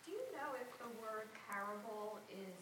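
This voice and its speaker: A woman's voice: mid-range voice, normal speed, fairly bright tone. A woman in a class asking the teacher tentative questions, recorded from across the room. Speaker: class member. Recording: distant, echoey room, noisy.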